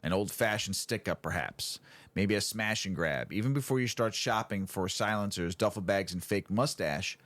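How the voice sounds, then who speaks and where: A man's voice: on the low side, normal speed, fairly bright tone, dry recording. A man co-hosting a podcast, presenting a prepared segment with playful rhetorical questions. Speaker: podcast co-host.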